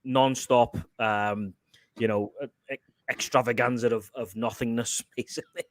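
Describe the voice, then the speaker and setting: A man co-hosting a live stream who rambles and restarts his sentences often. His voice is mid-pitched and sounds close and dry, with no room echo. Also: steady tone. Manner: rambling, halting, with many restarts. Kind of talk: casual banter on a live stream.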